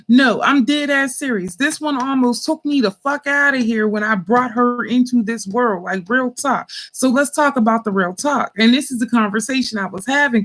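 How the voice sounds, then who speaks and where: Animated, profane woman telling a story. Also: a little high. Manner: slangy casual speech. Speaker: host. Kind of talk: casual storytelling.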